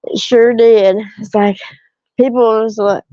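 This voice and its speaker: Lady talking real slow on a phone live stream in her car, kinda high voice, laughs a lot. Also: fairly even intonation, mellow, dry recording, dull audio. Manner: chatty and self-deprecating, laughing often, answering viewer comments. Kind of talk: casual live-stream chat. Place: parked car in a driveway.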